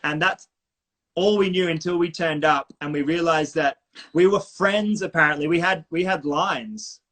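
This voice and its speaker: A man's voice: a little high, normal speed, a bit bright. A young adult man with an Australian accent, a musician telling a story in casual chat. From Sydney, Australia. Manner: chatty, tells anecdotes with quoted voices. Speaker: musician guest.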